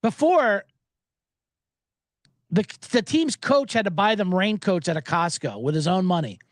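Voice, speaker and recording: A man's voice: high voice, animated, unhurried, no echo, studio quality. A man hosting a sports betting show, talking in a loose, joking, profane ramble full of asides. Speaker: sports betting podcast host. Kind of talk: casual rambling commentary.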